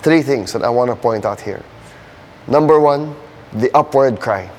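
A man's voice: medium pitch, normal speed, a little mellow. A male pastor preaching a sermon, earnest and building to emphatic questions. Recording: long hall reverb.

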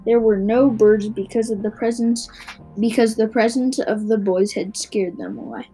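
A woman reading a children's book aloud, expressive, with small stumbles and restarts. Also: a little high, moderate pace, faint music behind, low-quality recording. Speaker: narrator.

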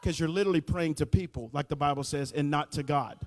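High-voiced pastor in a church hall. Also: male voice, quick pace. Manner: folksy, preachy, builds to shouting emphasis. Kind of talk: sermon. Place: church sanctuary.

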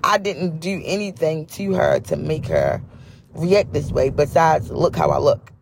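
A woman's voice: low-pitched, lively intonation, measured pace, vocal fry, a little hiss or hum. A woman vlogger telling a story in a chatty, casual way, repeating phrases for emphasis.

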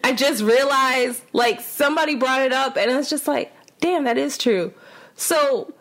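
A woman co-hosting a podcast in casual chat, reacting quickly with laughs and swearing in disbelief. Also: sits high, fairly bright tone. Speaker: podcast co-host.

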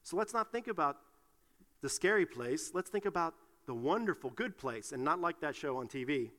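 A middle-aged man delivering a sermon in a high, bright voice. His casual, talky preaching rings out with a long hall reverb. He coaxes the congregation into repeating his lines. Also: sing-song, moderate pace. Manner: conversational, leads the congregation in call-and-response.

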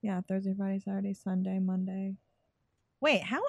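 A woman's voice: mid-range voice, flat delivery, normal speed, gravelly, dry recording. A woman from Atlanta, co-hosting a casual chat and rambling with many fillers. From Atlanta, USA. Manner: rambling, many fillers and restarts, laughs easily. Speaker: podcast co-host.

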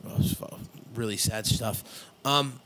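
A man's voice: medium pitch, a little slow, sharp tone, a little hiss or hum. A man in casual chat as podcast co-host, rambling and swearing, with many fillers.

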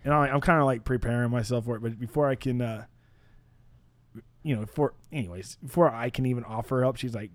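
A man's voice: medium pitch, brisk, no room sound. A man co-hosting a podcast, telling a story in casual chat, laughing often and acting out the voices of the people in it. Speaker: podcast co-host.

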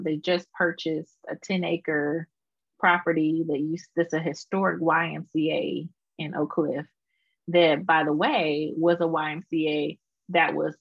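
A woman's voice: low voice, gravelly, husky, no echo, lo-fi sound. A woman with a Houston Texas accent, a guest artist chatting casually in an interview, full of fillers and laughter.

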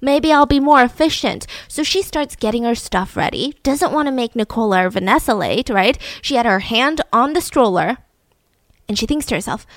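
Chatty higher-voiced woman podcaster. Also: moderate pace, no room sound. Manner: chatty, animated, many "like" and "right?" asides. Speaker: podcast host. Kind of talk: casual true-crime storytelling.

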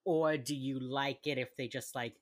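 A woman's voice: very deep voice, steady tone, normal speed, dry recording, studio quality. A woman co-hosting a casual chat show, laid-back and teasing, asking questions. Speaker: podcast co-host.

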